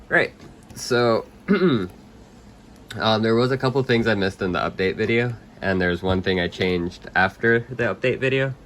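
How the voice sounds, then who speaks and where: Deep-voiced man, a little under the weather. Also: a little slow, slight background noise. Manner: relaxed, rambling with many ums, clears throat. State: under the weather, slightly hoarse. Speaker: RC hobby video host. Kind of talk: casual hands-on walkthrough.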